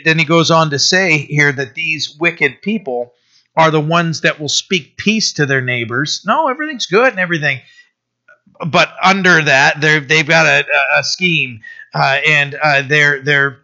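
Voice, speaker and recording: A middle-aged male pastor with a very bright, forceful voice pitched a bit high, talking through scripture in a loose, halting way. He stumbles and restarts often and fills gaps with "uh" and "you know". The sound is dull and lo-fi. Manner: halting, many fillers and restarts, conversational. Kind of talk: informal sermon, Bible teaching. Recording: dull lo-fi recording.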